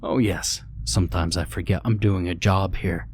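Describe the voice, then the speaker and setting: Guy putting on a shifty ticket seller, eastern european-texan drawl, low, evasive and brisk. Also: fairly even intonation, a little mellow, slight background noise, lightly acted.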